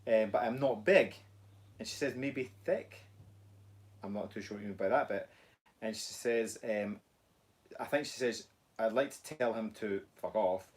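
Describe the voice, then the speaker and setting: A Scottish man co-hosting a casual live stream, reading viewer comments aloud with a relaxed, hesitant, blunt manner. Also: on the low side, normal speed, long pauses. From Scotland. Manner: relaxed, hesitant, many ums, blunt swearing advice.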